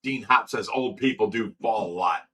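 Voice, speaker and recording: A man's voice: fairly low pitch, normal speed, breathy edge. A middle-aged man from Ohio hosting a casual livestream, telling stories with a lot of laughter. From Ohio, USA. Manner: laughing, animated storytelling. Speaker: livestream host.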